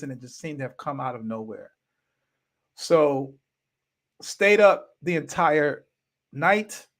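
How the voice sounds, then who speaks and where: Casting note: young man, podcast host, lively slangy storyteller, mid-range voice. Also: medium pitch. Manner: animated storyteller, slangy, swears, laughs. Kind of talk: storytelling with live chat.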